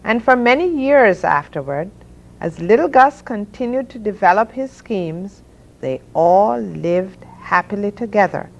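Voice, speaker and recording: A woman hosting a children's story hour, reading picture books aloud with expressive sound effects for the animals. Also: medium pitch, unhurried, creaky, lo-fi sound. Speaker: children's story reader and host.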